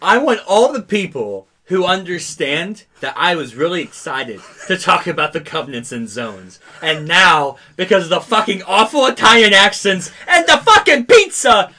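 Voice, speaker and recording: A man chatting on a podcast with friends, high-voiced and lively, laughing often. His pitch rises and falls a lot. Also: a little hiss or hum. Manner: laughs often, gets cut off. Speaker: podcast co-host. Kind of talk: casual podcast chat.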